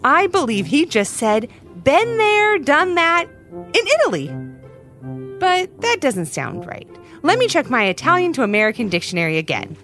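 A goofy, excitable storybook dad, as a woman narrator puts him on. He hams it up loudly with a bouncy, lifted voice. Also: high voice, normal speed, faint music behind, voice pushed up, heavily acted. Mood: hammy. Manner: loud, hammy, playful.

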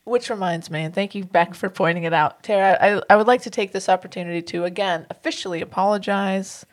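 A woman co-hosting a podcast in casual chat, giggly and animated. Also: mid-range voice, fast talker. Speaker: podcast co-host.

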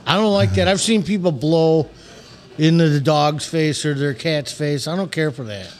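A man's voice: on the high side, moderate pace. A man co-hosting a podcast in loose, rambling, laughing banter. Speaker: podcast co-host. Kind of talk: casual chat.

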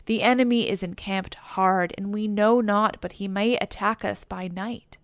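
A woman's voice: medium pitch, fairly even intonation, unhurried, dry recording, clean studio sound, lightly acted. A woman reading the lines of a troubled male warrior king in an anxious, formal manner, in her own voice. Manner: anxious, formal old-fashioned speech.

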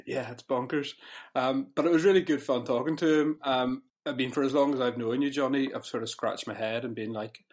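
Brief: male podcast co-host, mid-pitched, enthusiastic and giggly. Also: fairly even intonation, a little fast, darkish tone. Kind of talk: casual podcast chat.

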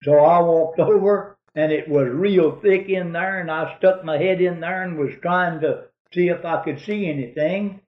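A man with a drawl tells a long hunting yarn in a rambling, folksy way. His voice sits a little high for a man. The sound is dull and roomy, like an old tape recording. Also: normal speed, hardly any pauses. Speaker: storyteller.

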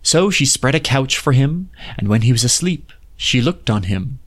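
A man reading an old fairy tale aloud in a measured, lyrical storybook manner. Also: medium pitch, expressive. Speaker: narrator.

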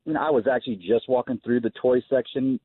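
Indignant male radio caller, husky voice, tinny phone line. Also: medium pitch, quick pace, no echo. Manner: indignant, rhetorical. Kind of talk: phone call to talk radio.

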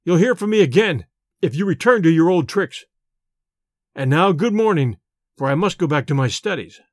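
A man's voice: animated, moderate pace, no echo, clean studio sound, natural voice. A man doing a cold, stern young avenger. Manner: low, clipped and stern.

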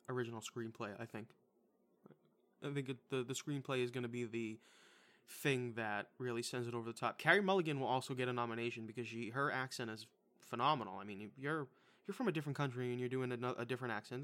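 A man's voice: mid-range voice, a bit bright. A man co-hosting a casual movie review chat, blunt, profane and enthusiastic. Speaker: podcast co-host reviewing movies.

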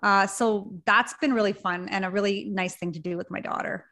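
A woman's voice: medium pitch, steady tone, a little fast, bright, forceful tone. A woman from Canada, a podcast guest, chatting in a giggly, upbeat way. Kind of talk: casual interview chat.

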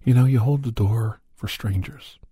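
A man's voice: medium pitch, normal speed, warm tone, breathy edge, dry recording, studio quality. A man giving a rambling, preachy moral monologue, often sliding into a whisper. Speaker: monologue speaker.

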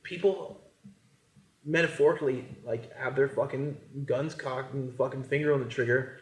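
A man's voice: mid-range voice, fairly even intonation, normal speed. A man talking as a guest on a podcast, worked up, swearing and repeating himself in a loose, casual chat. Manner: heated, profane, repetitive.

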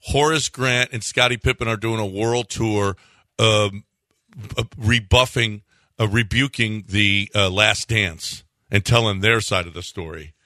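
Sex: man. Role: radio co-host. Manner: wisecracking, interjecting. Timbre: bright, forceful. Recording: dry. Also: lowish voice, steady tone, measured pace, no echo. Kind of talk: sports talk radio chat.

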